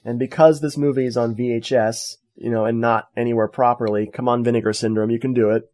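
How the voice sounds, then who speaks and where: Animated jokey man co-hosting a podcast. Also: medium pitch, fast. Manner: animated, jokey storyteller who acts out quotes. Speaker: podcast co-host. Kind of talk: casual movie review chat.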